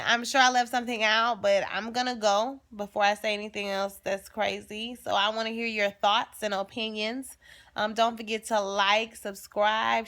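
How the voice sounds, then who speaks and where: A young woman vlogger giving a sassy, animated, chatty recap of a TV episode. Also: mid-range voice.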